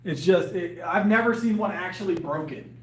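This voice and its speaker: Out in a yard, a livestreamer and powerlifter chats casually with his viewers, rambling and hesitant with lots of fillers and restarts as his voice grows worn. He speaks at a moderate pace in a high-pitched voice.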